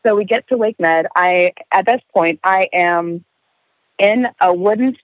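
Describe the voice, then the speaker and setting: A woman's voice: mid-range voice, a little slow, dry recording, poor audio. A young woman telling a story in casual chat, swearing freely, laughing and acting out the voices of the people in it.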